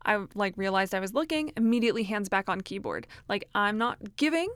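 A woman's voice: mid-range voice, lively intonation, fast, dry recording, studio quality. A woman in her thirties giving casual self-help advice, chatty and full of fillers and restarts. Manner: chatty, many fillers and restarts, frequent laughs.

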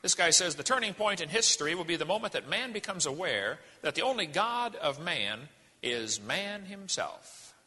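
Bright, lively male preacher in a reverberant hall. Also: on the high side, normal speed, slightly rough. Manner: folksy, emphatic, jokey preaching. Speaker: creationist speaker. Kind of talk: sermon-style lecture.

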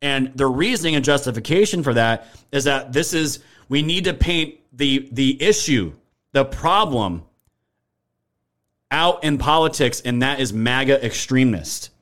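A man hosts a live stream, ranting heatedly and swearing freely. He reads out chat messages between his rants. His voice sits at an everyday middle pitch. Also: animated, measured pace, fairly bright tone. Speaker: livestream political commentary host.

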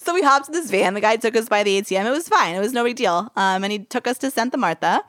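A woman's voice: a little high, expressive, quick pace, a bit bright, no echo, studio quality. A woman co-hosting a podcast, chatting casually with lots of "like" and some swearing. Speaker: podcast co-host. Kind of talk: casual travel chat.

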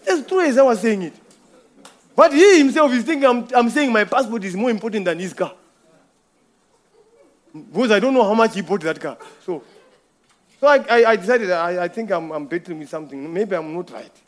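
A middle-aged man preaching a sermon, telling a personal story with repeated words, swinging from loud bursts to hushed asides. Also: sits high, expressive, a little fast, long pauses.

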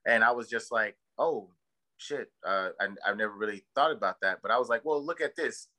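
Male podcast co-host, casual chat; bright, tense tone; rambling, profane, emphatic storyteller. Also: lowish voice, brisk, poor audio. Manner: heated and emphatic.

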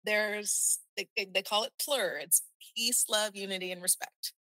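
A woman recounting a personal experience in a halting, candid way, often restarting her sentences. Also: medium pitch, fairly even intonation, bright, forceful tone, no room sound.

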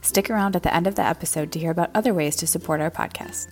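A woman narrating a children's story podcast gently, speaking to young listeners. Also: lowish voice, rapid-fire, soft background music.

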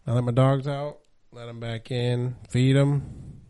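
A man's voice: mid-range voice, flat delivery, unhurried, dark tone, clean tone, no echo, clean studio sound. A man co-hosting a podcast, describing things in a matter-of-fact, profane casual way. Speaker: podcast co-host. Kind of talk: casual chat.

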